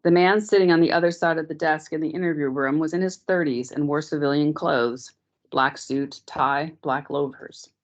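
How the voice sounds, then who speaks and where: Her voice sits low as this teacher reads a novel to the class in a steady, deliberate manner. The sound quality is that of dull, lo-fi meeting audio.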